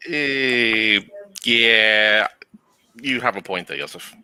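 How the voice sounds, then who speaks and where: A man's voice: on the low side, slow pace, bright, forceful tone, clean tone, dry recording. A man with an Australian accent, teasing and joking in a casual group chat and swearing freely. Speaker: guest.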